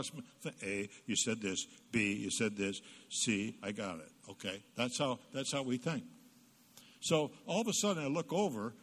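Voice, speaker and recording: Male guest speaker, comic church talk; bright, emphatic, plays both sides of dialogue. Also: mid-range voice, breathy edge, big-room sound. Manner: comic storytelling, acting out both sides of conversations; punchy, emphatic asides to the audience.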